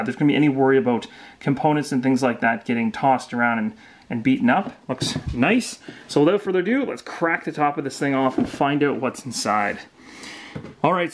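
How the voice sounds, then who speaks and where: Enthusiastic man hosting a board game unboxing. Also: mid-range voice. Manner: enthusiastic, chatty, with frequent fillers and restarts. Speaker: board game channel host. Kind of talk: casual unboxing talk to camera.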